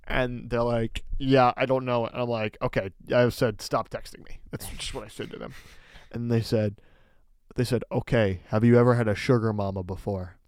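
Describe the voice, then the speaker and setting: Animated man telling a podcast story. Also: mid-range voice, moderate pace, clean tone, dry recording. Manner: animated storytelling, lots of "like" fillers. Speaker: podcast co-host. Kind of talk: casual storytelling chat.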